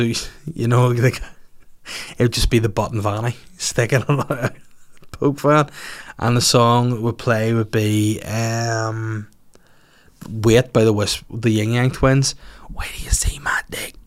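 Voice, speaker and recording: A man's voice: mid-range voice, fairly even intonation, a little slow. A man, a comedian hosting his podcast, chatting casually and crudely through listener questions and swearing freely.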